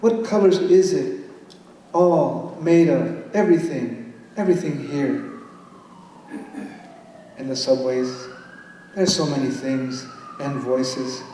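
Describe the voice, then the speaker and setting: A man's voice: medium pitch, takes it slowly, pauses often, dark tone, a little hiss or hum. A man poet giving a playful live reading that switches between English and Spanish. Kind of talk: live poetry reading with banter. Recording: echoey hall from far off.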